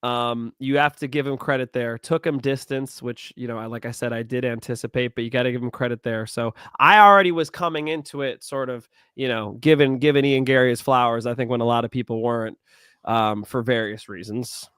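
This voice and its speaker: A young man co-hosting a casual sports betting talk show, blunt and animated, swearing and getting loud when worked up. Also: mid-range voice, fairly quick, smooth, dry recording, studio quality. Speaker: MMA podcast co-host.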